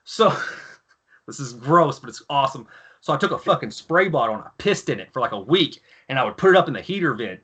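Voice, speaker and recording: A man in his thirties, a former Marine guest on a podcast, telling crude stories in a casual, animated way and sometimes mimicking shouting officers. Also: mid-range voice, brisk, breathy edge. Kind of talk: casual storytelling.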